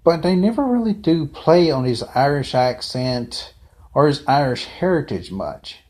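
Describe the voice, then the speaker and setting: A man's voice: fairly high pitch, expressive, a little slow, a little mellow. A man giving a casual, unscripted fan review, rambling off the cuff with frequent asides and restarts.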